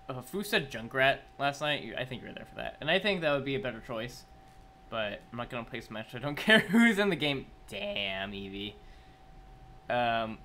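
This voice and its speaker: A young man live-streaming his reaction, chatting casually to viewers and swinging from low mumbling to loud excited yelling. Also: a little hiss or hum.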